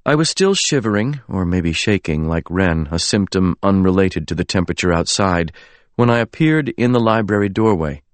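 A man narrating a novel in the first person, measured and earnest. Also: low-pitched, lively intonation, no room sound. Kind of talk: scripted audiobook narration.

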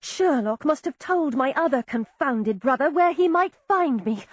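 A woman reading a first-person audiobook in an expressive, wry storytelling manner. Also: high-pitched, unhurried, no room sound. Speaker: audiobook narrator. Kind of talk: scripted first-person narration.

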